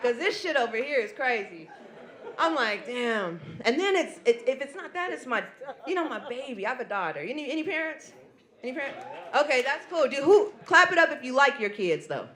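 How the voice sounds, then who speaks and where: A woman's voice: high-pitched, big pitch swings, a little fast, fairly bright tone. A woman performing a crude stand-up comedy set, brash and laughing through her lines. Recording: live club with audience laughter.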